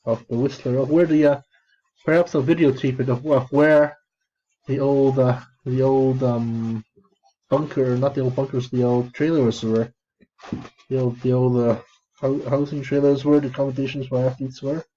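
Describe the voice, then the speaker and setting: Flat, downcast man, dull lo-fi recording. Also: medium pitch. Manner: flat, downcast, monotone delivery; halting, many restarts and fillers. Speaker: vlogger. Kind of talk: rambling casual monologue.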